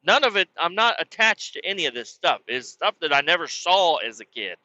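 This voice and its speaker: A man telling crude, excitable stories on his podcast, acting out both sides of arguments. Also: a little high, a little fast, no room sound, dull audio. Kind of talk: casual storytelling.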